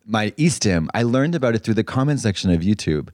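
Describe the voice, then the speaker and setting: A man co-hosting a podcast in casual chat, campy and rambling, telling stories with drawn-out quotes. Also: lowish voice, expressive, a little mellow, no echo, clean studio sound. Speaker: podcast co-host.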